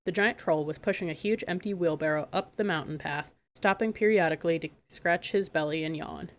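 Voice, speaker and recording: A woman narrating a fairy-tale audiobook in a calm, measured way. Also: lowish voice. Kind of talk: storybook narration.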